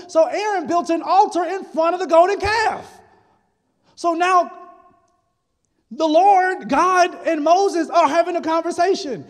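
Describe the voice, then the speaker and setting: A male pastor preaching a sermon, retelling scripture in a casual, humorous way. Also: extremely high pitch. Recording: long hall reverb.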